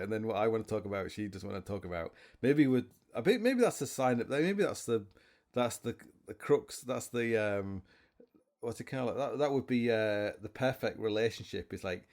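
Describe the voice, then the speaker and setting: A man's voice: fairly low pitch, a little mellow. A man hosting a podcast alone, rambling through stories with many restarts and self-mocking asides. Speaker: podcast host. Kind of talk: rambling solo chat.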